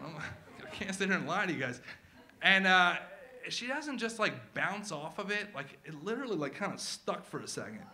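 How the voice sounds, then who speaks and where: Male storyteller, 30s, slightly high voice, comic and animated, live first-person storytelling. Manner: animated, comic, acts out his kids' voices.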